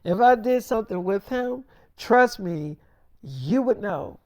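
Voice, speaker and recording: A man's voice: high voice, expressive, slow, a little mellow, no echo, studio quality, pitched above the performer's own voice, heavily acted. A man voicing a young woman's lines as a pleading, defensive girlfriend who talks in whiny, insistent runs full of fillers.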